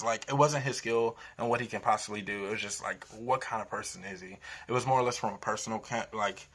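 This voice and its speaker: A man's voice: medium pitch, pushed and bright. A man delivering an impassioned, rambling fan rant, emphatic and full of restarts. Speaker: sports fan vlogger.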